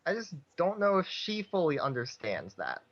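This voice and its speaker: A man's voice: on the high side, huge pitch swings, normal speed, fairly bright tone, lo-fi sound. A man playing his character in a tabletop game, talking earnestly and persuasively. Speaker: player.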